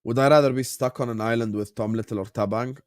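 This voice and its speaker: Man with a Jordanian Arabic accent, a bit sick, casual watchalong host, bantering with chat, mid-pitched voice, dry close sound. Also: steady tone, quick pace, a little mellow, dry recording. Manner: bantering with viewers, reading out chat names; switches between English and Jordanian Arabic. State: a bit sick, on cough syrup.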